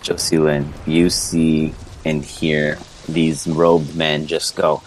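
A man's voice: low voice, little pitch movement, slow pace, darkish tone. A man narrating a tabletop game as game master in a loose, rambling way with lots of fillers.

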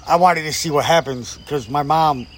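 A man's voice: fairly high pitch, moderate pace, slight background noise. A man telling a story in casual chat, swearing freely and acting out what people said. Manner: profane, acts out quoted people. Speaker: guest storyteller.

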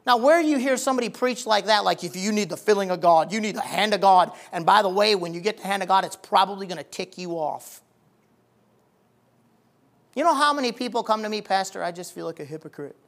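Folksy preacher building to fervor. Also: male voice, high-pitched, fairly quick. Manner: folksy preaching that swells from quiet talk to loud, emphatic fervor; colloquial, plain-spoken phrasing. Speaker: pastor. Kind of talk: sermon.

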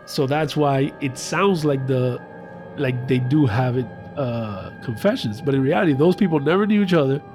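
A man's voice: mid-range voice, normal speed, over music. A man retelling a story in casual chat, loose and profane, acting out the voices.

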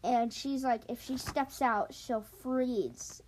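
A woman casually retelling a book plot in a rambling, hurried way with many fillers. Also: a little high, a little mellow, a little hiss or hum.

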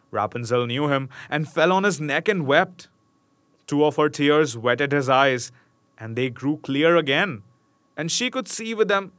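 A young man with a fairly high, slightly bright voice reads a fairy tale aloud in a laid-back way, joking and chuckling between passages. The recording has no room sound.

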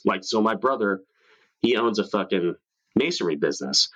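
A man's voice: lowish voice, lively intonation, moderate pace, fairly bright tone. A man from New York hosting a casual chat show, swearing freely and laughing often. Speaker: podcast host.

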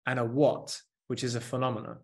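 A man's voice: mid-range voice, flat delivery, a little fast, vocal fry, a little mellow. A man in his thirties, a therapist or coach, speaking candidly and reflectively in a conversational interview, often saying "like" and "you know".

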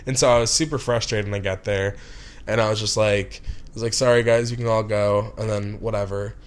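A man's voice: fairly low pitch, steady tone, a little fast. A young man who directs films, telling a long story in casual chat, rambling with lots of "like" and restarts and flaring into angry bursts. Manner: rambling, heavy with "like" and restarts, flares into angry outbursts. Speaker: film director.

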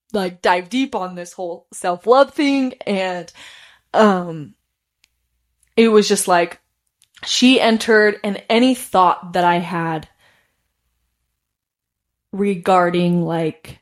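A woman telling a personal story in a casual, chatty way, filling her sentences with "like" and laughing often. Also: medium pitch. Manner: chatty, heavy use of "like". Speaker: podcast host.

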